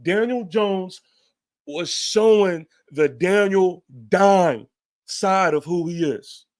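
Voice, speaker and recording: A man's voice: high voice, slow pace. A man hosting a fan show, giving a heated, emphatic post-game rant with casual swearing and repeated points.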